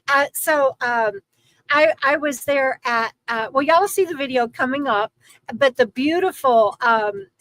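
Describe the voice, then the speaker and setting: A woman's voice: high-pitched, no room sound, low-quality recording. A middle-aged woman, chatting casually and giggling as she reads viewer comments on a livestream. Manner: chatty, giggly, talks to her dog in a soft baby voice. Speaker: vlogger hosting a livestream. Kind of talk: casual live chat reading viewer comments.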